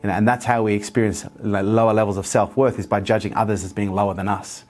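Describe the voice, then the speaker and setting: A man with a fairly low, darkish voice talks fast and flat as a guest in a motivational interview. He speaks earnestly, telling stories and repeating his phrasing a lot.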